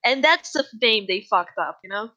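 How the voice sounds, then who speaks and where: Bright-voiced young woman, chatty and rambling. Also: medium pitch, expressive, moderate pace, low-quality recording. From outside English-speaking countries. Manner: rambling, chatty, laughs often, many restarts. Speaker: podcast guest. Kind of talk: casual chat.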